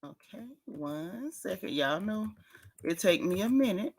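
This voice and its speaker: Breathy at the edges, her mid-range voice moves with lively intonation as she welcomes people into her gossip stream. This chatty host calls out viewers by name and drags out phrases she keeps repeating, all in relaxed livestream banter.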